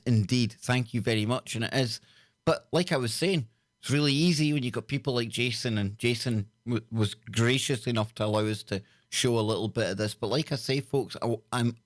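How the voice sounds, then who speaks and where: A man hosting a casual livestream chat, talking in an excitable, slangy way. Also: medium pitch, normal speed, no room sound, clean studio sound. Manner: excitable, loud laughs, slang-heavy. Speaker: host.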